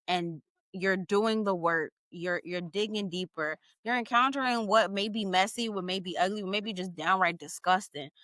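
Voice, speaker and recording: A woman in her thirties hosting a podcast, talking in an emphatic, encouraging and animated way in a casual heartfelt conversation. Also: medium pitch, dry recording. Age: 30s. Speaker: podcast host.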